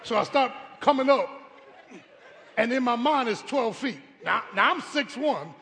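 A man preaching a humorous, animated storytelling sermon at a live service, calling out to the congregation. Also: extremely high pitch, a little slow, vocal fry, big-room sound. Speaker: pastor. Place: church sanctuary, live service.

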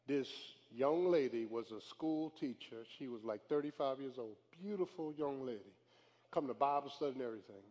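A male pastor preaching a sermon in a church, moving from soft, quick storytelling to drawn-out shouted lines. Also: medium pitch, long reverb tail. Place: church sanctuary.

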